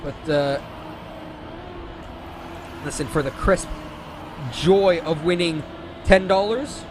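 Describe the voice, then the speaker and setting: A man casting a racing esports match with play-by-play commentary, excitable and jokey, often correcting himself mid-call. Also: on the high side, slow pace, background noise. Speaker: esports caster.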